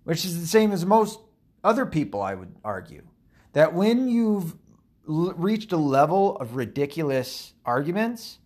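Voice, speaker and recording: A man's voice: fairly high pitch, sing-song, a little slow, darkish tone. A man giving casual political commentary, profane and sarcastic, rambling with lots of fillers.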